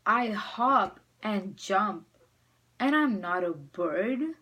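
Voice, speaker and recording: Lady reading as a friendly rabbit, polite and puzzled, slow and clear. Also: mid-range voice, lively intonation, bright, forceful tone, heavily acted. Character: polite floppy-eared male rabbit.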